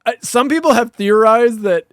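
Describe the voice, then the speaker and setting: A man co-hosting a casual podcast chat reviewing horror films, animated and profane, often laughing as he talks. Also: very high voice, moderate pace, clear, resonant tone, no room sound, studio quality. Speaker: podcast co-host.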